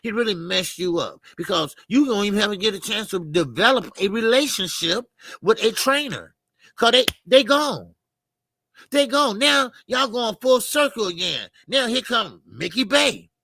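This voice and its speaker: A man's voice: high-pitched, lively intonation, normal speed, gravelly, pushed and bright, no room sound. A man talking boxing in a blunt, heated way, repeating his points. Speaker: boxing commentator. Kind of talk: casual boxing debate.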